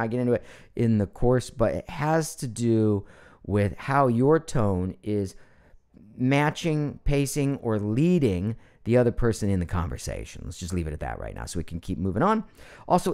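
A middle-aged man teaching voice training in a live online session, animated and demonstrating voices as he explains. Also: mid-range voice, creaky. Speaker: voice coach presenting his online course.

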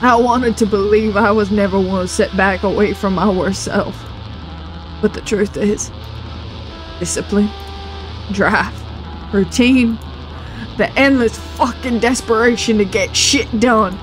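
A woman voicing a weary middle-aged man, a bitter former drunk, reading game dialogue aloud in a slow, brooding way. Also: mid-range voice, steady tone, soft background music, close to an everyday voice, rough recording.

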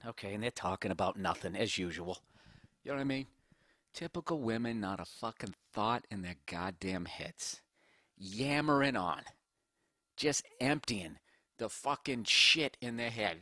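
Bright, profane man ranting on a podcast. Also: lowish voice, expressive, moderate pace, no echo, clean studio sound. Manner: profane, rambling storytelling, talking to his dog. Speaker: podcast host. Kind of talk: casual comedic monologue.

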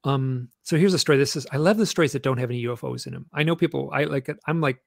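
Man, interview guest, rambling storyteller, gravelly, dry sound. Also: mid-range voice, racing, no room sound. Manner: animated, rambling storyteller with many restarts. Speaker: guest author.

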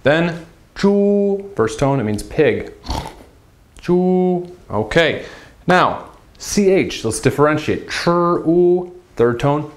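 A man's voice: on the high side, very animated, takes it slowly. A man teaching Mandarin pronunciation in a video lesson, patiently repeating syllables with exaggerated tones and adding playful asides.

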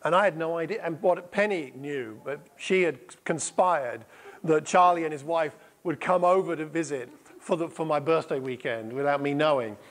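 Lively middle-aged preacher, higher voice. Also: male voice, moderate pace. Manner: lively storytelling, repeats answers back. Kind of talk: sermon with audience questions. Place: church hall.

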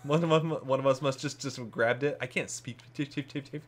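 A man's voice: medium pitch, fairly even intonation, a little fast. A man playing a co-op game with a friend, giving orders, swearing and laughing as they fumble the controls. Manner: laughing, swearing, bossy instructions. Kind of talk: casual game commentary.

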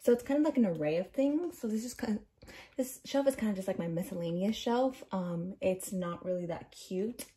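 Slightly out of breath, a young woman in her twenties walks viewers through her bookshelves as a book vlogger. Her medium-pitched, mellow voice is expressive and moves at a normal speed, and she rambles casually with plenty of fillers.

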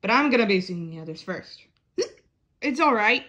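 A woman's voice: medium pitch, lively intonation, a little fast, a bit bright, lo-fi sound. A woman hosting a children's puppet show, talking in a playful, chatty way. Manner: playful, chatty, sings along.

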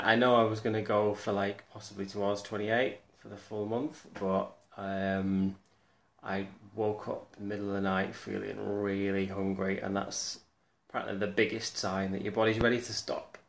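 A man's voice: fairly low pitch, gravelly, a bit bright. A man rambling through a personal video diary in a chatty way, with many ums, recorded at home. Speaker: vlogger.

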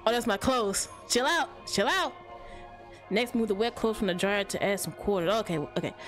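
A woman's voice: medium pitch, normal speed. A young woman hosting a gaming channel, chatting straight to her viewers and reading the game's text aloud while playing a horror game. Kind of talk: horror game let's play commentary. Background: game music.

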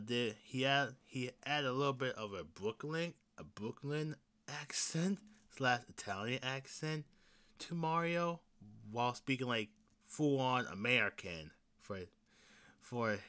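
In casual solo podcast chat, a lively young man with a bright, smooth mid-range voice rambles at an unhurried pace. Excited fan talk comes with laughter, swearing, frequent restarts and sudden loud bursts, then sinks into mutters and whispers.

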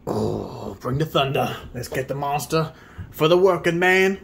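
A man hosting a video where he opens trading card packs, reading off each card and breaking into excited high exclamations at the good ones. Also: measured pace, creaky, slightly rough. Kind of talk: casual pack-opening commentary.

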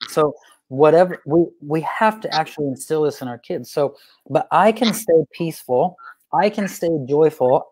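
Guy explaining parenting, fairly high voice, repeats himself for emphasis, dry sound. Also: no room sound. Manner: animated storyteller who acts out dialogue. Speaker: guest speaker on parenting. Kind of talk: conversational teaching.

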